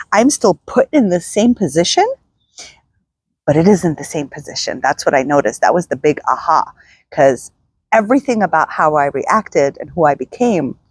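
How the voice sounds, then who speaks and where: A middle-aged woman vlogger telling a personal story to the camera in a reflective, halting way, often restarting her sentences. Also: lowish voice, darkish tone, breathy edge, dry recording. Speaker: self-help vlogger.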